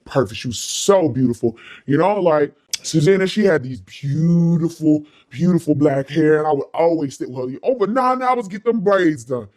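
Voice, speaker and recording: A woman's voice: deep voice, lively intonation, normal speed, darkish tone, voice pushed down. A woman doing an impression of a boozy, self-pitying middle-aged male neighbor who rambles and repeats himself. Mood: maudlin rambling.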